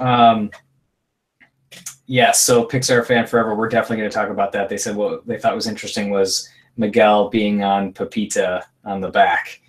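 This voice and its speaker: A man's voice: on the low side, flat delivery, moderate pace. A man co-hosting a casual live stream, chatting and reading out viewer comments. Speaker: co-host.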